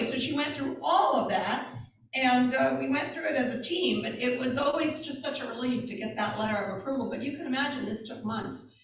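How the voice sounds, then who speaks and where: A woman guest speaker telling stories to a church audience in a chatty way, with many asides. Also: a little high. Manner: chatty, warm storytelling with asides and fillers. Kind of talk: informal talk to a congregation. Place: church hall. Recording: echoey hall, speaker far from mic.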